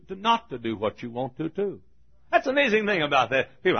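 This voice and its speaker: Older man, 70s, folksy preacher, chuckling, lively swooping pitch, slightly husky. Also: normal speed, dull audio. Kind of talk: folksy sermon storytelling.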